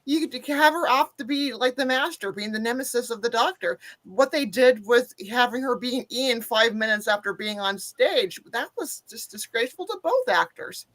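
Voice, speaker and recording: A woman's voice: on the high side, animated, moderate pace, hardly any pauses, fairly bright tone. A woman co-hosting a podcast, giving emphatic and earnest opinions in casual discussion. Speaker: podcast co-host.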